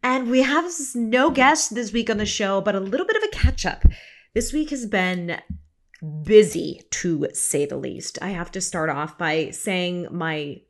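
A woman's voice: mid-range voice, expressive, unhurried. A woman hosting her own talk podcast, chatting casually with listeners in the easy, polished way of a former TV news presenter. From United States. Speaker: podcast host. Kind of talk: casual solo podcast chat.

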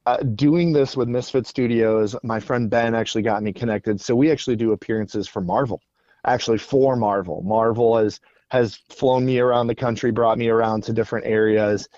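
A man's voice: medium pitch, fairly even intonation, moderate pace, darkish tone, no room sound. A man who is a guest on a podcast, telling stories in an earnest way and often repeating words, on a dull lo-fi recording. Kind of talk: casual podcast interview.

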